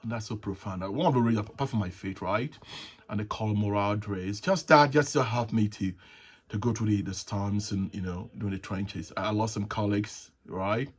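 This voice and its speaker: A man hosting a casual solo talk show, rambling and halting, with frequent restarts and soft chuckles. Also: fairly low pitch, breathy edge. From Nigeria. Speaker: host. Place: at home, with tea.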